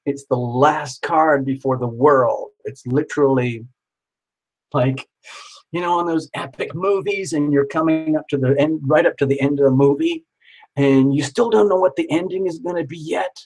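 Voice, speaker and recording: A man hosting a live tarot reading stream, talking in a chatty, excitable way and joking with his viewers. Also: a little high, normal speed, low-quality recording. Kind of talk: casual live-stream chat.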